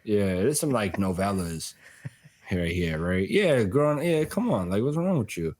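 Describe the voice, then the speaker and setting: A man's voice: lowish voice, animated, a little slow, darkish tone. A man co-hosting a podcast, giving his opinion in loose, slangy banter. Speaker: podcast co-host. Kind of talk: casual podcast chat.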